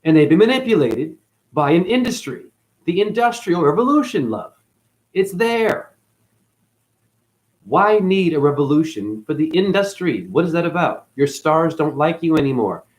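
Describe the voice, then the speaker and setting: A man rambling through a profane spiritual monologue, dropping to mutters and then jumping up in excited bursts. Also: on the high side, normal speed, low-quality recording. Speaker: spiritual video host.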